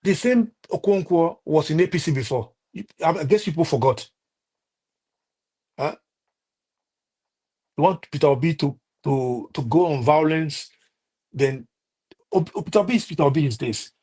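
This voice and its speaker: A man with a Nigerian accent giving heated political commentary on a live stream, scolding and halting with many restarts. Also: fairly high pitch, darkish tone, husky.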